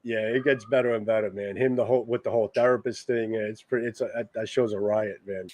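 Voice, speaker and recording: A man with a New York accent co-hosting a casual livestream chat, animated and greeting viewers by name. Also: on the low side, quick pace, no echo. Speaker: co-host.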